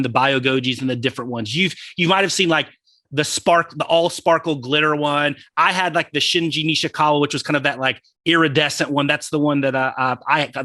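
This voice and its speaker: This is a man with a Texan accent co-hosting a podcast, talking eagerly about his collection and laughing easily. His voice is bright and sits somewhat high for a man. The recording is close and dry, with no room sound. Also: no echo. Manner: chatty, enthusiastic collector, laughs often. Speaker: podcast co-host. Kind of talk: casual podcast chat.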